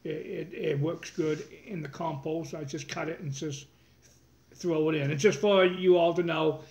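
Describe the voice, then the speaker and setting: A man's voice: on the high side, vocal fry, darkish tone, slight background noise. A man from Maine co-hosting a casual live-stream chat, talking in a laid-back, understated way with brief replies. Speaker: homesteader, co-host. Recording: dull lo-fi sound.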